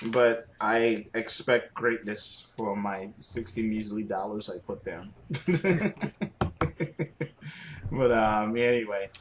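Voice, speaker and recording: A man's voice: fairly low pitch, slow pace, heavy background noise. A young man hosting a casual gaming podcast, joking and laughing often. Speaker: podcast host.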